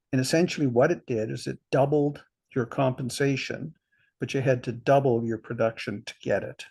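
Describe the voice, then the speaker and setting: An older man, an insurance veteran, is the guest in a conversational interview, telling stories from his career while reflecting and chuckling at himself. His mid-range voice is gravelly and a little mellow, with a breathy edge.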